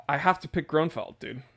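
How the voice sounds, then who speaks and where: A man's voice: on the high side, sharp tone. A man hosting a casual livestream, chatting loosely and rambling, with laughs at his own jokes. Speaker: livestream host.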